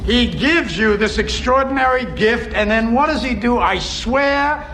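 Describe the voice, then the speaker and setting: A sneering, theatrical devil who draws his words out slowly, then spits them. The voice rides high and lively. The scene carries a roomy echo and clear background ambience from the film soundtrack. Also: slight background noise, exaggerated voice. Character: sneering devil ranting about his maker.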